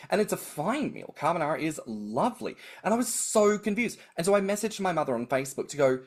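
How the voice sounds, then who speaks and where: A man's voice: fairly high pitch, fast, hardly any pauses. An Australian man co-hosting a chatty podcast. He tells stories with lots of energy and acts out the people he quotes. His talk is loose and full of swearing. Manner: animated storyteller, acts out quoted voices, swears freely. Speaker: podcast co-host. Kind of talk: casual chat.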